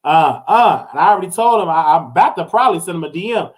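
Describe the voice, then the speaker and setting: High-voiced man telling rowdy stories. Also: quick pace. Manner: animated, loud, often shouting and laughing; rambling with frequent restarts and asides. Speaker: host of a live call-in show. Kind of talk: casual live-stream storytelling.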